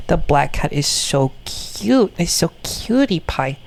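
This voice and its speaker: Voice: medium pitch, very animated, takes it slowly, vocal fry, darkish tone. A speaker giving rambling, jokey reaction commentary on toys, repeating phrases with ironic asides. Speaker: video maker reacting to toy content.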